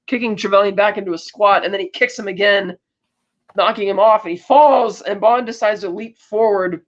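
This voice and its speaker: A woman's voice: medium pitch, fairly even intonation, normal speed, dull audio. A woman co-hosting a podcast, retelling a film plot in a rambling, chatty way. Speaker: podcast co-host. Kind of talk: casual chat recapping a film plot.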